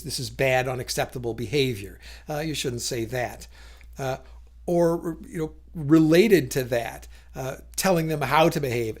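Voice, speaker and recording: Man explaining with fillers and restarts. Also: on the high side. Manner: thoughtful, frequent fillers and restarts, acts out quoted lines. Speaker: educator explaining communication. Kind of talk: casual explanatory talk to camera.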